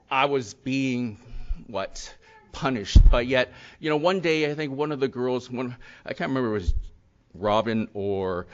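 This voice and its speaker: Middle-aged man, earnest rambling testimony, mid pitch, slightly muffled recording. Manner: earnest, rambling with many "you know" and "and yet". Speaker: speaker sharing his recovery story. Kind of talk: personal testimony talk. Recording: slightly dull lo-fi sound.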